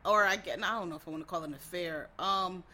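A man chats casually to his listeners, sounding a little tired. His voice is bright and forward. He rambles, trails off and restarts, and calls his audience y'all. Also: high-pitched, fast talker. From Philadelphia. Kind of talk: casual chat recapping a TV show.

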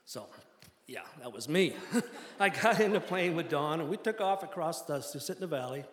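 A man's voice: a little high, lively intonation, normal speed. An older man telling a personal story to a live audience in a wry, self-deprecating way, often laughing through his lines. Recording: echoey hall with long reverb.

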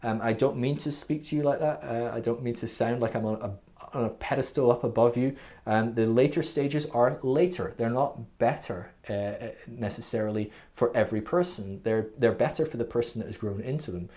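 A man's voice: mid-range voice, brisk, dark tone. A man hosting a faith podcast, explaining a development model in a casual, earnest teaching monologue, full of fillers, restarts and "okay?" checks. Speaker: podcast host teaching a spiritual growth model.

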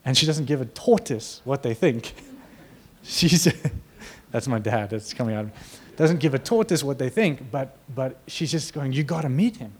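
A man preaching a sermon, telling a story with lively energy, acting out quotes and laughing now and then. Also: mid-range voice, unhurried, few pauses, breathy edge.

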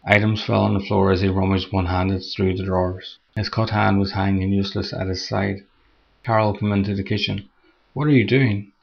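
A man narrating a scripted horror story in a steady, measured reading, on a dull lo-fi recording. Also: low voice, gravelly, a little hiss or hum.

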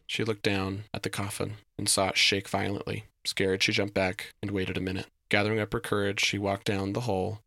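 A man narrating a story in a steady, descriptive reading. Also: on the low side, gravelly, no room sound, clean studio sound.

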